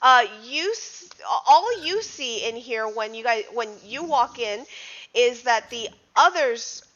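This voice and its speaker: A woman's voice: fairly high pitch, animated, takes it slowly, fairly bright tone. A woman narrating as game master of a tabletop superhero game, easygoing and laughing along with her players. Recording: dull lo-fi podcast audio.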